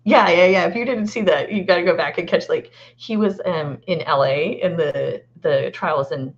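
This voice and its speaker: A woman who is a lawyer, chatting as a guest in an excitable, animated way and laughing often. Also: lowish voice, moderate pace. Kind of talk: casual chat. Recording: dull lo-fi sound.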